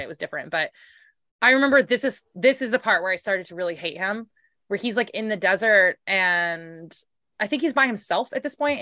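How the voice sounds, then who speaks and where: A woman's voice: medium pitch, dry recording. A woman co-hosting a casual podcast chat about a book series, swearing freely and acting out the characters' lines. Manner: profane, animated, acts out characters' lines. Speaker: podcast co-host.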